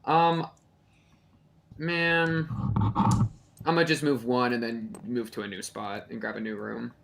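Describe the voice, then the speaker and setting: Man, gravelly voice, mid pitch, hesitant, lots of ums, game stream chat. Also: steady tone, slow, background noise. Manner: hesitant, thinking aloud with many fillers. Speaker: player.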